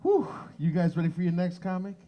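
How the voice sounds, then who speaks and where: A man hosting a stand-up comedy show in a bar, animated and acting out bits. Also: high voice, a little fast, slight background noise. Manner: animated, shifts into exaggerated voices for bits.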